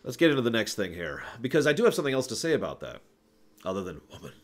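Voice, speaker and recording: A man's voice: mid-range voice, sing-song, very fast. A man hosting a casual livestream, talking through his opinions in a rambling way, with restarts and sighs. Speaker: streamer host.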